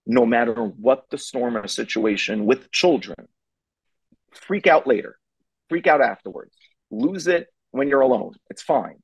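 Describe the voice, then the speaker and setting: A man's voice: medium pitch, creaky, a little mellow, husky, no room sound, lo-fi sound. A middle-aged man giving parenting advice as a guest, telling a story emphatically and repeating his key points.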